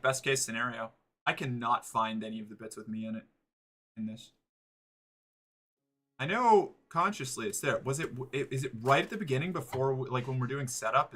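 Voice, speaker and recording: A man's voice: mid-range voice, pushed and bright. A man streaming live, chatting casually and rambling, often restarting and swearing. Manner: rambling, self-interrupting, swears.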